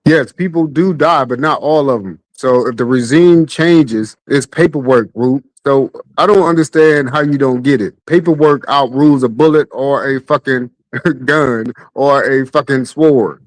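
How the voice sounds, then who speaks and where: A man's voice: mid-range voice, a little slow, no echo, rough recording. A man arguing as a guest on a live stream panel, insistent, repeating his points and the other man's name. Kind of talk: argumentative debate.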